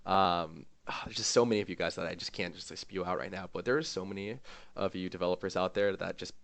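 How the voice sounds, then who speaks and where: A man streamer giving an emotional, rambling farewell to his gaming community, with lots of fillers and pauses. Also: sits low, gravelly, fairly bright tone, no room sound. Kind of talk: heartfelt farewell vlog.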